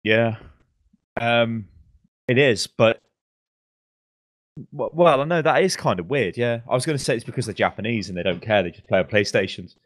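A man's voice: medium pitch, moderate pace, pauses often, no room sound, clean studio sound. A man co-hosting a gaming news podcast, chatting casually with lots of swearing and ranting asides. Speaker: podcast co-host. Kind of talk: casual chat.

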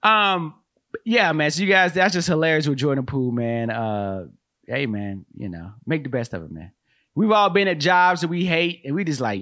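A man's voice: on the high side, expressive, moderate pace, pushed and bright, no room sound, clean studio sound. A man hosting a podcast, riffing comedically in a rambling way with lots of slang and laughter.

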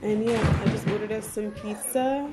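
A woman chats loosely with her viewers at home in a day-in-the-life vlog, rambling from one thought to the next and calling them "y'all". Her voice sits at an ordinary middle pitch. Music plays clearly behind her. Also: steady tone, normal speed. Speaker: vlogger.

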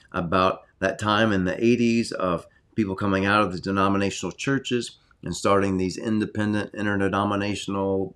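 Man, low voice, casual preacher, earnest, sudden loud emphasis, home study. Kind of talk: informal sermon to an online audience.

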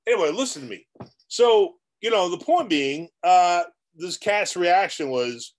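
Male real estate coach, vlog monologue: pitch on the high side, very animated, blunt, rambling, talks right at the viewer. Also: a little fast. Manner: blunt and repetitive, with many restarts.

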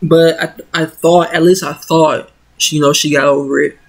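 A woman's voice: deep voice, steady tone, moderate pace. A young woman telling a personal story in a casual story-time vlog, rambling with many fillers and growing heated, into a computer microphone. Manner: rambling, full of "you know" fillers, grows heated and emotional. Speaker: vlogger.

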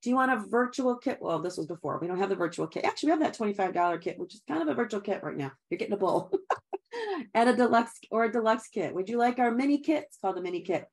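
A middle-aged woman coaching a sales team in an upbeat, chatty way. She is encouraging, laughs easily and keeps calling her listeners guys. Her voice sits at an ordinary middle pitch for a woman. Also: expressive, quick pace. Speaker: direct sales trainer. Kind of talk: upbeat sales training talk.

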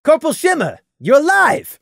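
A man voicing a blunt, gruff male pegasus guard in a fantasy story. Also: very high-pitched, very animated, normal speed, no echo, studio quality, pitched above the performer's own voice, heavily acted. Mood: urgent. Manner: grunting, blunt.

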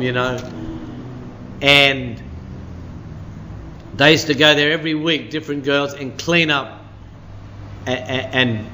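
A man's voice: mid-range voice, bright, forceful tone, a little hiss or hum. A man, preaching a midweek sermon as a pastor in a chatty storytelling way, full of "you know" and "sort of".

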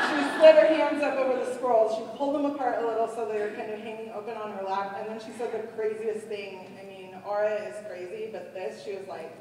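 A woman's voice: on the high side, fairly quick. Woman performer reading her comic fiction live: light, giggling, confiding, recorded from a distance in a big reverberant hall with the crowd audible. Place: large conference hall with audience. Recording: echoey hall from far off, crowd noise. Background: audience laughter and murmur.

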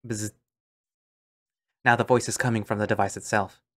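A man's voice: on the low side, level tone, moderate pace, a bit bright. A man narrating an audio drama in first person, musing and understated.

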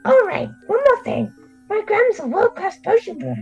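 Brief: shrieky cocky junior witch, done by a woman, way up high, with a sing-song lilt. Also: sing-song, normal speed, a little mellow, highs cut off, soft background music, heavily acted. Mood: breezy. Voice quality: shrieky, scratchy. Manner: cocky, chattering. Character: young female junior witch, brash and boastful.

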